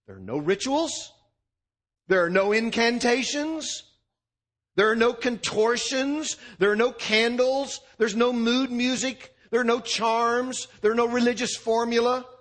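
Animated high-voiced male preacher. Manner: emphatic preacher, punchy repeated lists. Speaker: pastor. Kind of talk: sermon.

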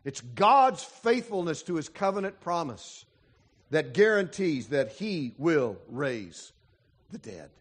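A man preaching a sermon as a pastor, emphatic and full of dramatic pauses. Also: fairly high pitch, sing-song, husky.

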